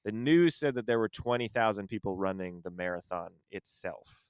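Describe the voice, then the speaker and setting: A man, a comedian podcast host, in casual chat, telling a story in an animated way and defending his side emphatically. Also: fairly low pitch, normal speed, clear, resonant tone, dry recording, clean studio sound.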